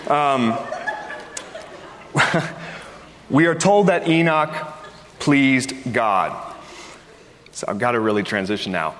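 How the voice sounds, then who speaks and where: A man's voice: medium pitch, takes it slowly, pauses often, fairly bright tone. A man, a pastor, preaching a sermon and opening with a chatty personal story in which he acts out the voices he quotes. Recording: long hall reverb.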